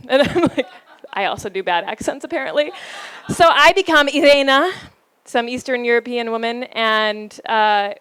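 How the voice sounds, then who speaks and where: A woman giving a storytelling talk to a live audience about relationships, playful and laughing often, with dramatic pauses. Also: on the high side, fairly bright tone, clear, resonant tone.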